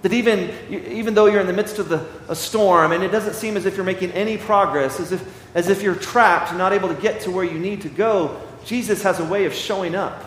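A man with a fairly high voice delivers a sermon from a church sanctuary. He reads scripture slowly and leans hard on key phrases. The sound is roomy, with a long reverb and faint ambience behind him. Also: a bit bright, a little hiss or hum. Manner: slow, emphatic scripture reading. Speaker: pastor. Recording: echoey hall, slight ambience.

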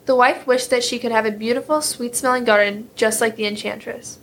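A woman reading a fairy tale aloud in a steady, clear storytelling manner. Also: a little high, fairly quick, a little hiss or hum.

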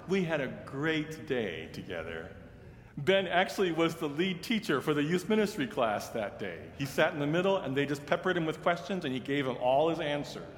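Pastor guy telling a story in a sermon, earnest, gets quiet n slow when it's sad, big echoey church, faint room hum. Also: fairly high pitch, very animated. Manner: earnest, grows hushed and slow in sad parts. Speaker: pastor and seminary teacher. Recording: reverberant hall with faint ambience.

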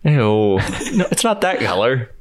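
Slow, laid-back joking man. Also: mid-range voice, sing-song. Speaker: podcast cast member. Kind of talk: casual chat.

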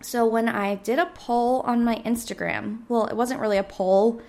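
A woman in her twenties hosting a casual solo podcast, slightly hoarse, rambling and chatty with lots of filler words. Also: on the high side, fairly even intonation, moderate pace, a little mellow. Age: 20s. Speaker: podcast host.

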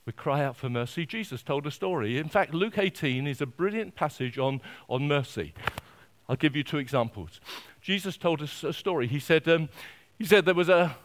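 A man preaching a sermon, emphatic and repetitive, swinging from quiet to loud. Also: on the high side, animated, normal speed.

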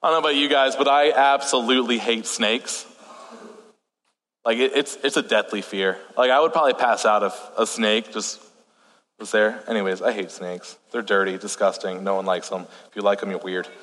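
A man's voice: fairly low pitch, steady tone, moderate pace, fairly bright tone. A young man, a pastor, giving a casual sermon with joking asides and scripture readings, with a slight lisp and stutter. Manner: chatty, joking asides, reads scripture aloud. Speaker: youth pastor. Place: church hall. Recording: long hall reverb.

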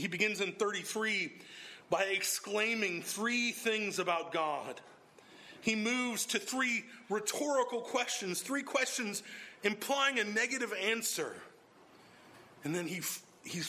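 A man preaching an expository sermon, emphatic and swinging from low, even delivery to sudden exclamations.

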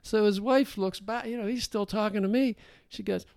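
An older man co-hosting a podcast, telling a casual story with animated asides and frequent laughter. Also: high-pitched, moderate pace, clear, resonant tone, no echo, studio quality. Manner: animated anecdote-teller, laughs often. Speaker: podcast co-host.

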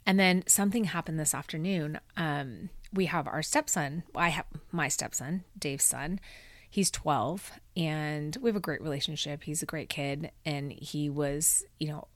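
Woman podcast host, middle-aged, low pitch, candid personal monologue, dry close mic. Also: normal speed, dry recording. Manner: candid, emotional storytelling with many fillers.

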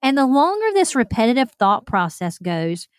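A woman's voice: fairly high pitch, very animated, moderate pace, clean tone, dry recording, clean studio sound. A woman, hosting a podcast and telling a self-deprecating personal story straight to her listeners. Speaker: podcast host.

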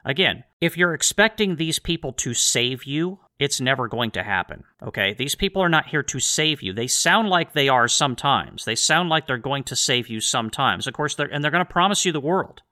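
A man's voice: mid-range voice, lively intonation, normal speed, few pauses, sharp tone. A man delivering a sarcastic political rant to his viewers, firing off rhetorical questions. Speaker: political commentator. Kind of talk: ranting monologue to viewers.

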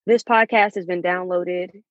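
A woman's voice: fairly low pitch, steady tone, unhurried, no echo, highs cut off. A woman in her thirties hosting a podcast, giving an emphatic, preachy motivational talk with endearments. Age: 30s. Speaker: podcast host.

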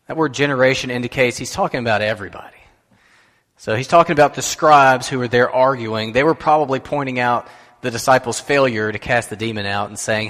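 A man's voice: medium pitch, fast, fairly bright tone. A man giving a sermon as pastor, in a conversational way that puts questions to the listeners. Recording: long hall reverb.

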